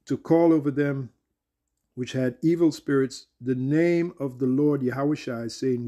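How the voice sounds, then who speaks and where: A man's voice: mid-range voice, a little slow, dark tone. A man giving a casual, conversational Bible teaching. He often repeats words and checks in with "all right?".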